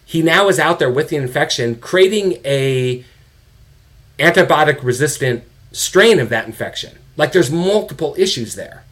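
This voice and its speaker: Middle-aged man, interview guest, candid and animated storyteller. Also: a little high, moderate pace. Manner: animated, swears, quotes people in their own voices. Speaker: guest, father of an addicted son.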